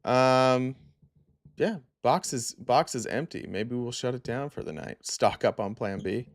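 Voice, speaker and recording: A man's voice: medium pitch, a little slow, dry recording. A tired man hosting a casual live stream, reading viewer comments aloud in a loose, rambling way full of fillers.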